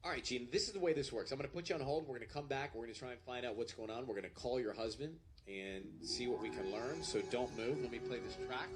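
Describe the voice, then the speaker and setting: A man's voice: mid-range voice, fast talker, hardly any pauses, music in the background. A man hosting a radio call-in show, upbeat and bantering.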